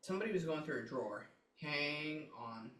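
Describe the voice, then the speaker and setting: A chatty woman with a lowish voice talks loosely with her clients. She pauses often to think aloud. She is heard from off the mic in an echoey room. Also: lively intonation, fairly bright tone, far from the mic. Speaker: psychic medium. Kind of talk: casual session talk. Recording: roomy, from off the mic.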